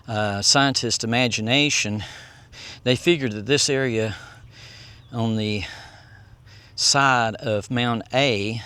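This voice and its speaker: An easygoing man with a drawl talks his way around an outdoor historic site, reading the plaques aloud between casual asides. His voice sits at an ordinary middle pitch, and his delivery is relaxed and unhurried. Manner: easygoing, rambling, reads signs aloud. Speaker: vlogger and tour guide. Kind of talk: casual touring commentary.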